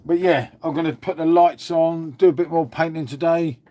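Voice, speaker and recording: A man from England runs a casual live stream where he rambles, swears often and calls everyone "mate" over and over. He talks at normal speed in a voice on the high side, dark in tone and fairly even in intonation.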